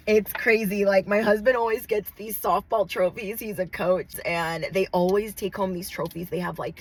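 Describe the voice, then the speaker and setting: A woman's voice: mid-range voice, fairly bright tone, slight background noise, rough recording. A woman vlogging to camera from a car, gushing and emotional as she thanks her viewers over and over. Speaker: spiritual vlogger. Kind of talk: casual vlog talk to camera.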